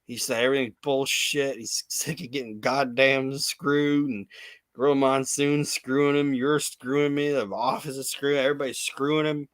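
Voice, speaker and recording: A man in casual podcast chat, retelling events in a profane, animated way and quoting people as he goes. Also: medium pitch, moderate pace, no room sound. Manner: profane, animated storytelling with quoted voices. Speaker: podcast co-host. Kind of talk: casual chat recapping wrestling.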